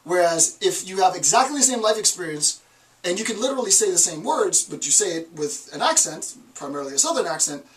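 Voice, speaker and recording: Emphatic lecturer with a Northeast accent. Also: male voice, sits high, fairly quick, distant mic, rough recording. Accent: Northeast American. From Northeastern United States. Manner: animated, emphatic, asks rhetorical questions. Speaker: college lecturer. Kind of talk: classroom lecture.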